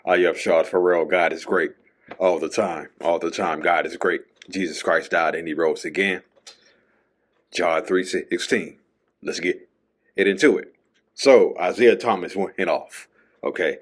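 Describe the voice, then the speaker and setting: A man hosts his own show in a very low voice, speaking slowly and casually. He rambles through a solo monologue. He keeps checking in with a questioning "okay?". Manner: chatty, tags lines with "okay?". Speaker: podcast host.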